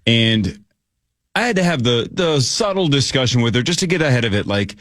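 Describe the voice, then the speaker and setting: Animated man co-hosting a radio show. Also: mid-range voice, brisk, no room sound, clean studio sound. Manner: needling, builds up jokes. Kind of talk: casual sports radio banter.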